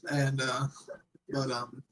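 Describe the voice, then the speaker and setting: A man's voice: mid-range voice, monotone, takes it slowly, fairly bright tone, low-quality recording. A young man chatting casually as co-host of a watch-along, rambling with lots of hesitant fillers.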